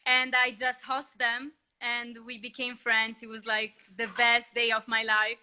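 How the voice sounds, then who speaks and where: A woman from Italy with an Italian accent, chatting as a guest on a video call in friendly, halting English. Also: a little high, monotone, pushed and bright, a little hiss or hum, low-quality recording. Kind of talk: casual video-call chat.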